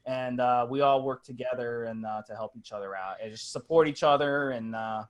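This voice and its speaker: A man's voice: mid-range voice, fairly quick, highs cut off. A man co-hosting a podcast, talking in an easygoing, encouraging way. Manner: easygoing, encouraging, laughs often. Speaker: podcast co-host. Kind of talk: casual chat.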